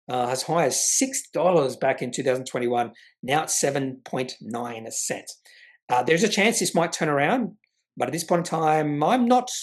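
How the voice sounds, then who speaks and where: A man giving casual stock market commentary, reading from company updates and adding his own asides. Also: fairly high pitch. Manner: conversational, reads from reports with asides. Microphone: webcam.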